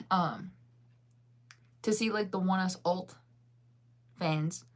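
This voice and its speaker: A woman's voice: lowish voice, drawn-out words. A tired woman in her thirties chatting casually as a vlogger, rambling and saying "like" a lot between yawns. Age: 30s. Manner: rambling, heavy use of "like". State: tired and yawning. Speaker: vlogger reading live chat. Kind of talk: casual chat.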